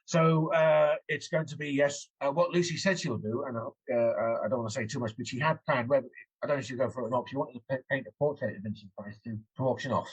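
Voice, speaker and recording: A man's voice: medium pitch, fairly even intonation, quick pace, husky, poor audio. An English man, an author as guest, chatting casually in an interview, rambling with many restarts.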